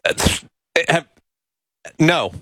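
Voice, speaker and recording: A man's voice: drawn-out words, fairly bright tone, no echo. A man co-hosting a show, chatting casually with joking asides. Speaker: co-host. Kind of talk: casual chat.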